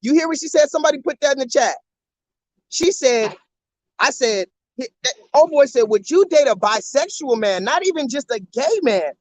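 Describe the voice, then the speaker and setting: On a walking live stream, a man talks into his phone in a very high voice at a moderate pace, over and over asking people to comment in the chat. The livestreamer sounds animated and repetitive. The recording is rough but has no echo.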